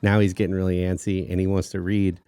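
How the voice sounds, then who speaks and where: A man in his thirties tells a story with a low, deep voice in casual podcast chat. He is animated and laughs often. The sound is dry and close. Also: quick pace, clear, resonant tone, no echo. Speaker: podcast co-host.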